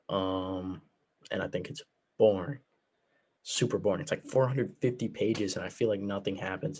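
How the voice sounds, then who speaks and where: Teen boy, lowish voice, sarcastic, rambling, lots of fillers, casual book vlog. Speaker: book reviewer.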